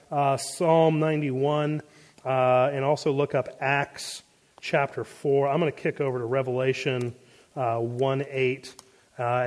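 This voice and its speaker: Relaxed man teaching a Bible class. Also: mid-range voice, big-room sound. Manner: conversational, with many fillers and pop-culture asides. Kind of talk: casual Bible class lecture.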